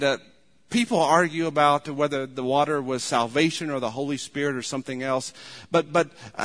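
A man's voice: medium pitch, fairly bright tone. A man preaching a sermon, retelling a story and building to fervent emphasis. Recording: long hall reverb.

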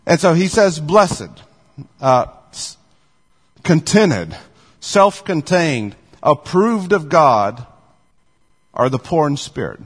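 A man preaching a sermon as pastor, earnest and repetitive, slowing down to stress the lines he quotes. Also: fairly high pitch, sing-song, slightly rough, big-room sound.

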